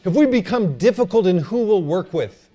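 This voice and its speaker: Lively male pastor, higher voice, joking preaching style. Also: normal speed. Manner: animated, joking, calls for amens. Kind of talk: sermon.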